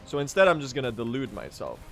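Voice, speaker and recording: A man's voice: medium pitch, wildly swooping pitch, fast, vocal fry, music in the background. A young man streaming a speedrun, chatting casually and joking as he answers his chat.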